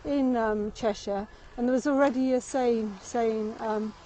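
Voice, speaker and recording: A woman's voice: fairly high pitch, fairly even intonation, a little slow, dark tone, slight background noise, low-quality recording. A woman giving a live-streamed walking tour outdoors. She is chatty and rambling, laughs often, and is a bit out of breath from walking, talking into a phone she carries. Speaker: tour guide. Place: outdoors in a city meadow and gardens.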